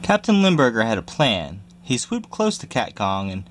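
A man reading a children's picture book aloud in a lively storytelling manner, jumping high for squeaky cries. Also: moderate pace, a little hiss or hum. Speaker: reader.

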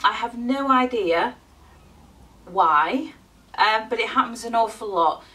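A woman's voice: fairly high pitch, lively intonation, takes it slowly, bright, forceful tone, recorded from a distance, poor audio. A woman from the UK chatting casually to camera as a beauty vlogger, rambling a little with frequent ums.

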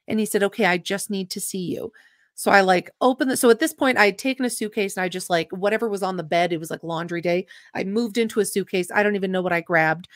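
A woman's voice: medium pitch, dry recording, clean studio sound. A young adult woman, a podcast guest, earnestly and emotionally retelling a personal story with quoted dialogue.

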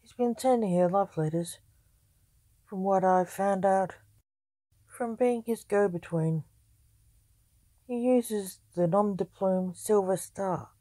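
A woman voicing the scolding ghost of a male highwayman who lectures his companion. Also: slow, long pauses, warm tone, no room sound, lightly acted. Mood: explaining.

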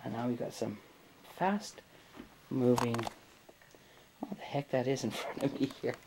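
A host narrating a ghost hunt on the spot in a dark house, rambling and thinking out loud. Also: medium pitch, lively intonation, a little slow, noisy background. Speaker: host of a ghost-hunting video. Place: dark house at night, indoors.

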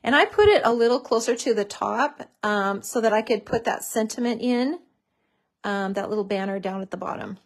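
A woman's voice: fairly high pitch, lively intonation, normal speed. A woman hosting a craft tutorial, chatting casually and gushing over how cute everything is as she works.

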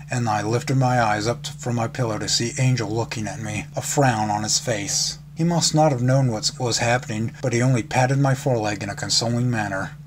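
A man reads a fan fiction story aloud in a casual, unpolished way, tripping over words now and then. His voice sits at an ordinary male pitch. A steady hiss of background noise sits under the recording. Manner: casual reading with slips and laughs.

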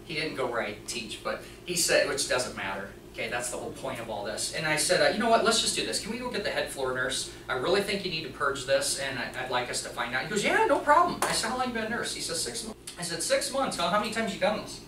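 Animated presenter in an echoey room. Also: mid-range voice, fast, few pauses, recorded from a distance, a little hiss or hum. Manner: animated, acts out the dialogue of others. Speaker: presenter at a talk, mechanics teacher. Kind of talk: storytelling conference talk. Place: presentation room before an audience.

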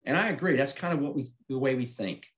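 A middle-aged man with a mid-range voice gives a safety presentation. He is plain-spoken and walks through each chart step by step, often checking in with a quick "okay?". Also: medium pitch. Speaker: aviation safety instructor. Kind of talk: slide-based safety presentation.

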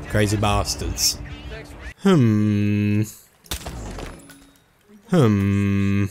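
A man giving jokey let's-play commentary, excitable and breaking into sudden high yelps. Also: unhurried, soft background music. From Australia. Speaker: gaming YouTuber.

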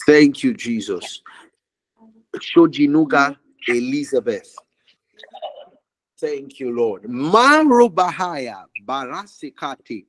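A man's voice: medium pitch, very animated, takes it slowly, pauses often, fairly bright tone, rough recording. A man ministering prophetically over a call, declaring fervently with much repetition and sometimes dropping to a whisper.

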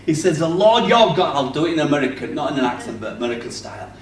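A man preaching a sermon in a conversational manner, swinging between loud bursts and hushed passages. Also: on the high side, big pitch swings, fast talker, recorded from a distance, slight background noise. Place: church hall. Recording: roomy, off-mic church recording.

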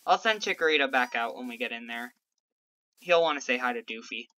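A woman's voice: rumbling low, lively intonation, fairly quick, bright, forceful tone, slight background noise. A woman hosting a casual gameplay video, chatting playfully and talking to her in-game pets. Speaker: let's play host. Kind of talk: casual gameplay chat with light role-play.

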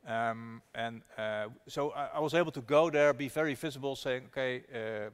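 A man tells a story as a guest at a live discussion. His voice sits at an ordinary middle pitch. He talks earnestly and animatedly, often restarting his sentences. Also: normal speed, clean tone. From Netherlands. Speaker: activist investor guest. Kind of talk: storytelling conversation at a public talk.

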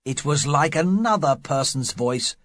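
A man's voice: a little high, expressive, measured pace, a bit bright, no room sound, clean studio sound. A man voicing an uneasy pirate sailor who talks in a hesitant, musing way.

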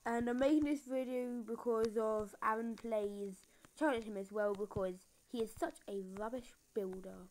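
A woman's voice: a little high, steady tone, moderate pace, hardly any pauses, a little mellow, a little hiss or hum, poor audio. A woman talking through a building tutorial in a rambling, self-mocking way, full of fillers, recorded on a phone screen recorder. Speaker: game tutorial maker. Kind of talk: casual building tutorial commentary. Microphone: phone screen recorder mic.

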